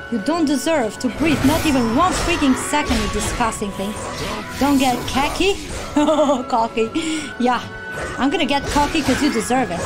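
A woman streamer reacting to a video game as she plays, excitable, gasping and yelling at the action. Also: high voice. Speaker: gaming streamer. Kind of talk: let's play reaction. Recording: loud game music behind.

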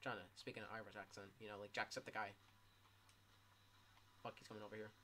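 A man commentating his own gameplay casually, swearing a lot and yelling in sudden bursts. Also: fairly low pitch, flat delivery, fast talker, a little hiss or hum. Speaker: gameplay streamer.

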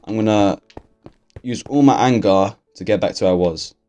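A man's voice: on the low side, normal speed, dark tone. Sweary young man gaming. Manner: swears constantly, grumbles, rambles. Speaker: gaming YouTuber. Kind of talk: casual let's-play commentary.

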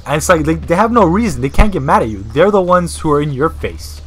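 A man's voice: fairly high pitch, lively intonation, fast talker, husky. A man casually commentating a video game, talking in a rambling, crude, profane way. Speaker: gameplay commentator.

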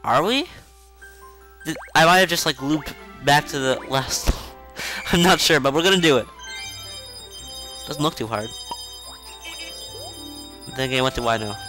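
A man casually commenting on a video game as he plays, chatty and rambling, with self-mocking asides and excited outbursts. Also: on the high side, measured pace, pauses often. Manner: excitable outbursts during play. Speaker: video game let's-play host. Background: faint game music.

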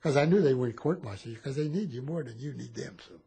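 A man in his eighties, a war veteran telling stories in a rambling, animated way at a home interview. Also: mid-range voice, fast. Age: 80s. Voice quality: very husky. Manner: rambling, animated storytelling with repeated phrases.

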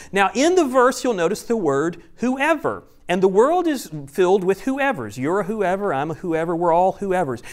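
A male pastor giving a conversational teaching sermon, explaining step by step with friendly asides. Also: sits high. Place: church room with a screen.

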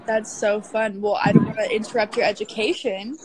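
A woman's voice: mid-range voice, fairly even intonation, fairly quick, noisy background. A young woman hosting a casual phone livestream, gushing and affectionate with her callers and her pet. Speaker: livestream host.

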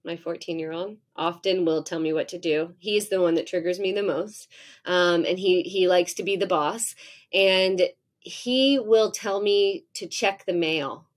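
A woman in her forties, a professor guest on a podcast, talking candidly and acting out heated exchanges as she tells stories. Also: medium pitch. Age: 40s. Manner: animated storytelling, acts out heated exchanges with laughter.

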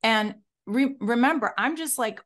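A woman's voice: a little high, measured pace. A woman from Morocco, a guest director, telling stories in an interview, acting out the people she quotes and laughing as she goes. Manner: animated, acts out quoted voices, laughs while telling. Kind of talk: casual storytelling interview.

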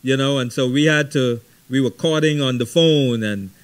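A middle-aged man leading a Bible study, teaching conversationally with lively stories and frequent "right?". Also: mid-range voice, moderate pace. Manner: animated storytelling, frequent ums and repeated "right?".

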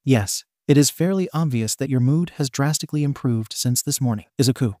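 A man's voice: medium pitch, fairly quick, a little mellow, no echo, studio quality, lightly acted. A man reading as a stiff, formal teenage boy. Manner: firm, formal. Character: formal, earnest teenage class president type boy.

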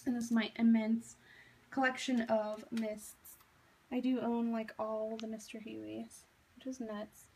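A woman in her thirties narrates a casual tour of her home craft room, chatty and self-deprecating with plenty of fillers. Her voice sits a little high, picked up by the camera's own mic as she films. A faint hum of room noise runs underneath. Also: little pitch movement, a little slow, mellow, low-quality recording. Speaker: craft vlogger.

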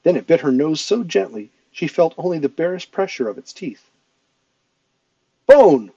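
A man reading a novel aloud in a steady, expressive narrating voice. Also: fairly high pitch, brisk, no echo, muffled recording. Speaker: audiobook reader.

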